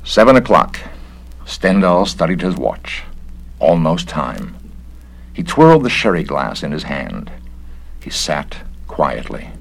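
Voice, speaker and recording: A man narrating a story aloud in a measured, dramatic way. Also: a bass voice, very animated, vocal fry. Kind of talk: story reading.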